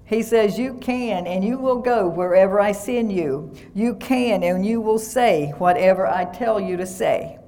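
A woman's voice: mid-range voice, unhurried, few pauses, warm tone. A woman pastor preaching a sermon, reading scripture aloud and breaking each quote with "he says".

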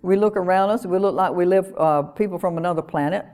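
A woman preaching a sermon in an earnest, conversational way, repeating phrases and laughing softly now and then. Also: lowish voice, fast talker.

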